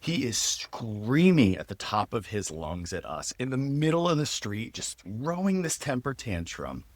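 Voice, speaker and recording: A man in his thirties, a podcast host, telling a personal story in a lively, casual way and laughing often. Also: mid-range voice, measured pace, no echo.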